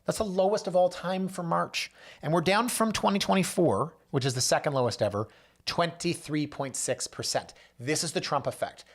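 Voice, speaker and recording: A man hosting a real estate show, telling client stories in a casual monologue and acting out the people he quotes. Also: moderate pace. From Canada. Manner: storytelling, acts out quoted voices with big pitch jumps. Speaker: realtor and show host.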